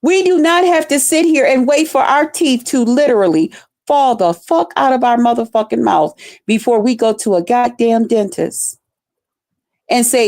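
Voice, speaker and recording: A woman's voice: fairly high pitch, normal speed, darkish tone. A woman streamer delivering an angry, profane, repetitive rant aimed at a rival.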